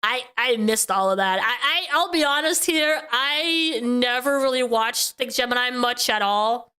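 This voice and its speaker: A woman's voice: on the high side, unhurried, bright, forceful tone, clean tone. A woman hosting a casual podcast, questioning her guest and laughing often. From living in Portugal. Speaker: podcast host.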